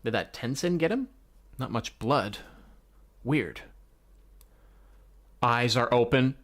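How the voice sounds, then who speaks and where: A man reads a comic aloud and reacts to it page by page. His delivery is unhurried and casual, with frequent swearing and heavy sighs. He sits in a mid range, neither high nor low. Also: animated, fairly bright tone. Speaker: manga reader reacting. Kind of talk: live reading reaction commentary.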